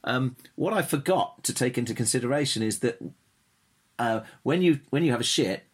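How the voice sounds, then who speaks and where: A man swapping old festival stories in relaxed podcast chat. He stumbles and restarts often as he rambles along. His voice sits at an average pitch. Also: slightly rough. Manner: rambling, halting storyteller with many restarts. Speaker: podcast co-host. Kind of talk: casual chat.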